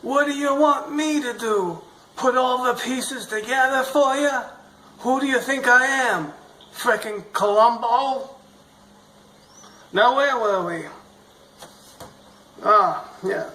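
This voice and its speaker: A man in an amateur fan reenactment playing a grumpy grandfather reading a story aloud, gruff and sarcastic. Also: very high voice, bright, forceful tone, heavily acted. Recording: noisy home recording.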